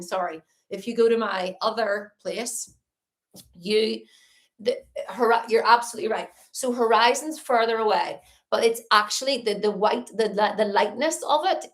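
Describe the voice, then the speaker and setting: Chatty woman teaching painting live. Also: mid-range voice. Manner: chatty, upbeat, greets viewers while explaining. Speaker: art teacher. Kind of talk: live-streamed painting lesson. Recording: roomy echo.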